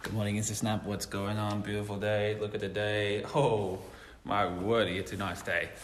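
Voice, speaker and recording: A man's voice: on the low side, flat delivery, moderate pace, background noise. Blunt, swearing man with reverb. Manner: blunt, profane and emphatic. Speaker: entrepreneur teaching money lessons. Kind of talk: casual Instagram story mini lesson.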